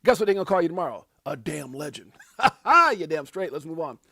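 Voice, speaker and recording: A man hosting a casual livestream, hyped and preachy, shouting out viewers by name. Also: fairly high pitch, a little fast, creaky, dry recording, clean studio sound. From United States. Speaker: livestream host.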